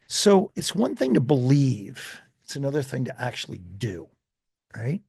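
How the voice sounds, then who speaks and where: A man who is a life coach and a guest, telling an animated story with repeated restarts in a gravelly, husky voice. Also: medium pitch, unhurried, no room sound, studio quality. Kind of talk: storytelling in a conversation.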